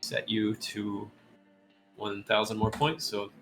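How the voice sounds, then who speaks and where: A man's voice: on the low side, little pitch movement, takes it slowly. A man narrating a tabletop game as game master, laughing often and chatting loosely with his player. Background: soft music.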